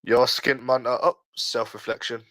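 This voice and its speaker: Steady and moderately paced, a mid-range, sharp-toned male voice is captured in a dry, low-quality recording. He's a young Londoner in his early twenties running a casual livestream, replying to chat with slangy, defensive argument and circling back to the same points.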